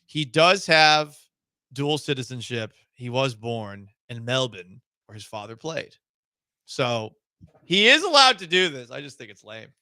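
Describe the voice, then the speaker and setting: A man's voice: medium pitch, very animated, a little slow, bright, forceful tone, clear, resonant tone, dry recording. A man hosting a sports talk radio show in a studio, speaking in a wry, sarcastic way.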